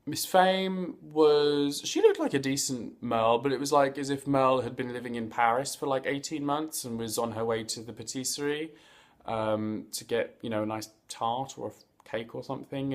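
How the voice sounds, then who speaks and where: A man's voice: medium pitch, expressive, moderate pace. Chatty campy man hosting a review vlog. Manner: chatty and playful, with campy slang and asides; stumbles over words now and then. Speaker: host of a reality TV review vlog. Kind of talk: casual spoken review.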